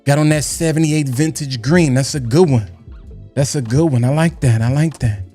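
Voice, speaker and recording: A man hosting a casual livestream chat, loud and playful, shouting out people in the chat and often asking "you know what I'm saying". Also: medium pitch, normal speed, soft background music. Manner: hype, animated, shouts out chat names; loud, playful, breaks into singing and scatting. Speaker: livestream host.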